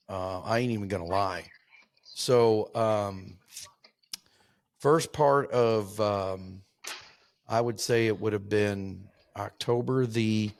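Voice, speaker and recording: Male hunting host, low voice, dry close recording, rambling casual storyteller. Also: vocal fry, no echo. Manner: rambling, halting, with many restarts and fillers.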